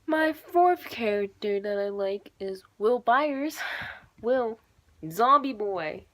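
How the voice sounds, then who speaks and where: A woman's voice: a little high, lively intonation, slow pace. A young woman in her teens rambling and gushing in a casual fan vlog, full of fillers and asides. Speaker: YouTuber.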